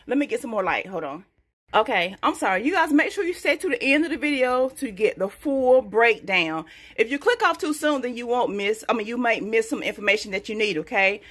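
A woman vlogging about coupon deals, talking casually to camera. She is very excitable and gets loud when thrilled, but talks more quietly while in the store. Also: a little high, a little fast. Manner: hushed in the store.

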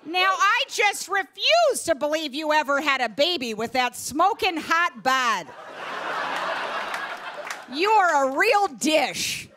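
A woman's voice: high-pitched, sing-song, slow pace, sharp tone, a faint crowd, voice pushed up, full character voice. A woman voicing her middle-aged mother, who pays effusive, old-fashioned compliments. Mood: gushing. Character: gushing middle-aged mother flattering young women.

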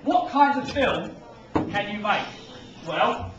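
A young man leads a lesson for small children, upbeat and full of encouragement. His fairly high voice bounces around a very echoey hall. He is away from the mic, so the sound is dull and carries background noise. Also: lively intonation, takes it slowly, a bit bright. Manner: upbeat, encouraging, demonstrates with acted examples. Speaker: museum educator. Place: large museum hall. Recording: echoey, distant, muffled, noisy.

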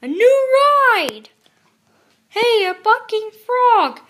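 A woman voicing excited young bear cubs who shout and beg from a storybook. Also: drawn-out words, a little hiss or hum, exaggerated voice. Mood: begging. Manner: shrill begging and shouting.

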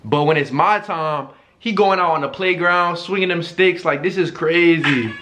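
Male YouTuber, slangy and joking, fairly high voice, music in the background. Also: moderate pace, fairly bright tone. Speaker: YouTuber reacting to a video. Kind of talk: casual reaction commentary.

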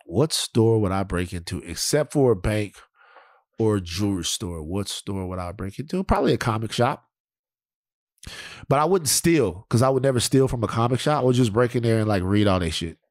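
A man's voice: on the low side, expressive, normal speed, a little mellow, no echo, clean studio sound. A man hosting a podcast, telling rambling, profane stories in casual chat. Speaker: podcast host.

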